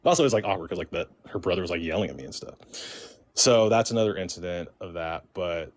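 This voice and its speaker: A man's voice: low-pitched, expressive, fast. A man casually telling a true ghost encounter as a caller on a live stream, rambling with many fillers and quoting the conversations himself. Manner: rambling, heavy with fillers and restarts, quotes himself and others. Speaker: caller sharing a paranormal experience. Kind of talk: casual spoken storytelling. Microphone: phone or stream mic.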